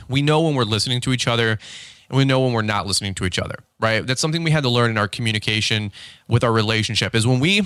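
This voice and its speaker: A man hosting a podcast, giving casual coaching talk, animated, acting out little dialogues with big pitch swings and often repeating and restarting his words. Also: dry recording. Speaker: podcast host.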